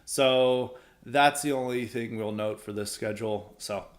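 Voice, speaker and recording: A man's voice: mid-range voice, a little slow. A young adult man hosting a solo opinion podcast, sarcastic and blunt, laughing often as he rants. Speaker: podcast host.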